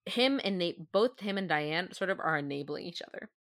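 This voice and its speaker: A woman's voice: fairly low pitch, expressive, moderate pace, a bit bright, no room sound, studio quality. A woman co-hosting a podcast in a casual chat, thinking aloud with lots of fillers. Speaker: podcast co-host.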